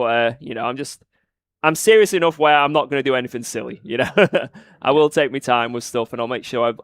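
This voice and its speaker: A laid-back man chats as a racing driver guest, laughing often and filling his talk with "you know". His voice is smooth and clear. It sounds dry and close. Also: mid-range voice, fairly bright tone, no room sound. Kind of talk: casual interview.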